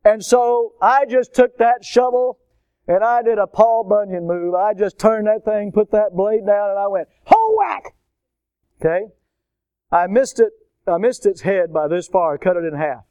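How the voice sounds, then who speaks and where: A man's voice: high voice, moderate pace, smooth, no room sound, highs cut off. A man from Florida preaching a storytelling sermon, acting out the voices in his story. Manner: animated storyteller, acts out voices.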